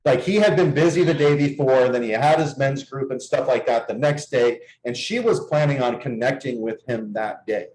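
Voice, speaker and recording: A man's voice: medium pitch, normal speed, few pauses, a little mellow. A man coaching on dating, explaining his views and telling a client's story in an earnest, casual conversational way. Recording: echoey room.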